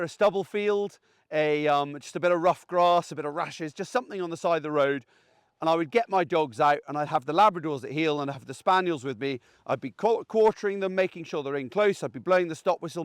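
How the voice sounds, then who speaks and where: Bloke chatting dog training out in a field, voice a bit high, dry close sound. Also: male voice, no echo. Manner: chatty, plain-spoken, keeps checking in with "okay?". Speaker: gundog trainer. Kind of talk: casual outdoor training advice. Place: outdoors in a grass field.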